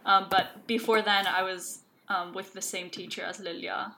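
A woman who is a violinist chatting quickly and enthusiastically on a podcast. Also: mid-range voice, level tone, vocal fry, bright, forceful tone. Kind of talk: casual podcast chat. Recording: roomy echo with faint noise.

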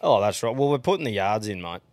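A laid-back Australian man hosts a podcast, trading swear-laced banter. His voice is smooth and resonant in a dry, close room. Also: fairly low pitch, animated, fast, darkish tone, no echo. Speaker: podcast host. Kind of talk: casual chat.

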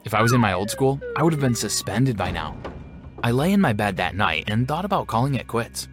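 A man reading a first-person story aloud in a steady, even narration. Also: medium pitch, fairly quick, music in the background.

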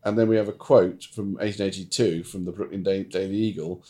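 A man's voice: low voice, steady tone, fairly quick, warm tone. A man co-hosting a podcast from a room at home, rambling and wry in casual chat. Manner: rambling, wry, self-deprecating. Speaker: podcast co-host.

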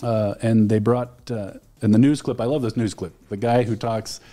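Low, mellow-voiced man telling stories. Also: steady tone, moderate pace, soft background music. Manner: enthusiastic storyteller, frequent fillers. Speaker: alumni relations director, guest. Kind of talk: casual studio conversation. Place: radio studio.

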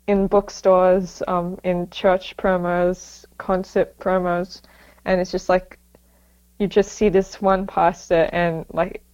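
A woman's voice: lowish voice, darkish tone. Woman guest over a dull line. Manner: reads from notes with fillers. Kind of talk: casual interview answers.

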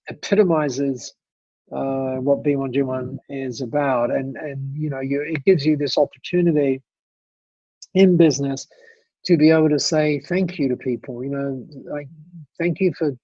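A man telling an anecdote as a guest in a conversation, animated, with restarts and asides. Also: mid-range voice, slightly rough, no room sound, muffled recording. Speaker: guest speaker.

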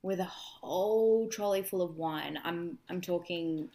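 A woman's voice: fairly low pitch, a little slow. Wry young woman telling a story. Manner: animated storyteller, wry asides. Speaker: podcast co-host. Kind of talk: casual chat.

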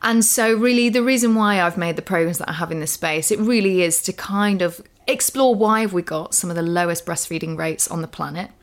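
A woman in casual podcast chat with a lowish voice. She talks earnestly and emphatically, piling up asides like "you know" and "literally". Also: a little fast, few pauses. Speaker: co-host and guest.

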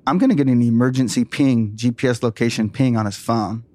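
Male podcast storyteller, animated, acts out quotes, dry close mic. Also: mid-range voice, a little fast, dry recording. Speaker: former police detective recounting a case.

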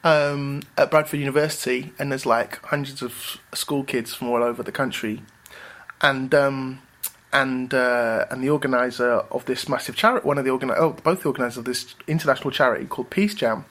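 A man, a rapper and writer, telling stories in a relaxed interview, animated and bouncy, acting out other people's voices. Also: medium pitch, a little fast. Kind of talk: casual interview storytelling.

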